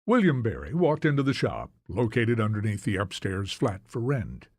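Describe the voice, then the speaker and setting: A man narrating an audiobook in a measured, solemn storytelling manner. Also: on the low side, sing-song, a little mellow, no echo, studio quality.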